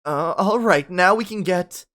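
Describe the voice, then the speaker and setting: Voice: medium pitch, measured pace, a bit bright, voice pushed up, lightly acted. A narrator voicing a flustered woman school principal who stammers and scolds. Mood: anxious.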